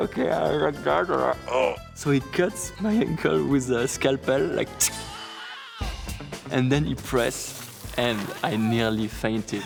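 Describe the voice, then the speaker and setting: A man in his thirties with a French accent, telling a personal story in a lively way, laughing often and acting out what others said. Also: medium pitch, slow pace, gravelly, music in the background. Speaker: BMX rider telling a story.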